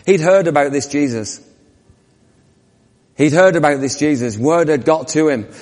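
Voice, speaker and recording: A man's voice: on the high side, moderate pace, a little mellow. A man preaching a sermon, telling the story vividly and asking the congregation questions. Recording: long reverb of a church hall.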